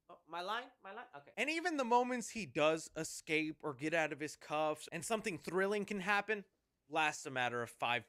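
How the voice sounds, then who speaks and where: A man's voice: mid-range voice, pushed and bright. A man giving a sarcastic, joking movie review commentary.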